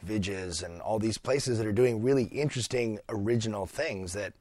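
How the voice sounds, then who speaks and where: A man from British Columbia, a chef, chatting as a guest in a radio studio, relaxed and friendly with lots of small hesitations. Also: on the low side, moderate pace, no echo. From British Columbia, Canada. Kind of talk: casual radio interview.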